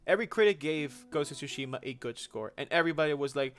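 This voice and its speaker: A man's voice: fairly high pitch, fast, hardly any pauses, fairly bright tone, soft background music. A young man hosting a gaming livestream, casually answering viewer questions in a chatty, slangy way with frequent restarts.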